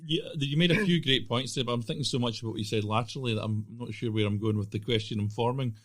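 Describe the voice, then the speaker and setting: A man's voice: medium pitch, fast. Man, podcast host, casual interview, mid-range voice, rambling, restarts sentences.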